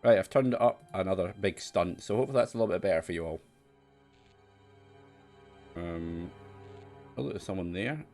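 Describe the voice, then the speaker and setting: A let's play streamer plays a classic adventure game, chatting casually and mocking the game's voice acting. His voice is low with a darkish tone and moderate pace, he pauses often, and soft music plays in the background.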